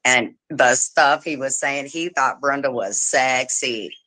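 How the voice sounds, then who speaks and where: A woman hosting a casual livestream chat, telling animated stories, swearing freely and mimicking the people she talks about. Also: a bass voice, takes it slowly, a little hiss or hum, poor audio. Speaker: livestream host.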